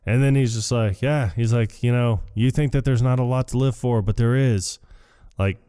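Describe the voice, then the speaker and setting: A man co-hosting a podcast, casually recapping a film scene by scene and acting out the characters' lines in a higher voice. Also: moderate pace, clear, resonant tone. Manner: animated retelling, jumps high to act out quoted lines, laughs often. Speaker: podcast co-host. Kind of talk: casual movie recap chat.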